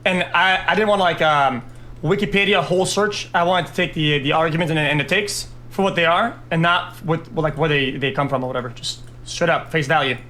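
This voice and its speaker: A man on a streamed debate panel, speaking bluntly in rapid, fidgety bursts. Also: a little high, bright, forceful tone.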